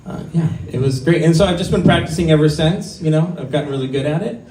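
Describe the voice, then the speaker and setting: A man's voice: on the high side, quick pace, a little mellow. A man in his fifties doing a stand-up set at an open mic, crude and self-deprecating, rambling with many ums. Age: 50s. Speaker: stand-up comic. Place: small comedy venue. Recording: roomy, mic heard from a distance.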